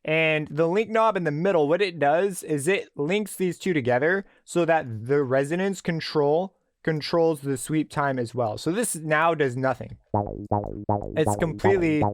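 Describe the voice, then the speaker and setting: A man giving a relaxed, screen-recorded tutorial on a synthesizer plugin, explaining as he tweaks settings. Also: on the high side, a little slow, no room sound, clean studio sound, soft background music. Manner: relaxed explanatory, thinking aloud with fillers. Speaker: music production tutor.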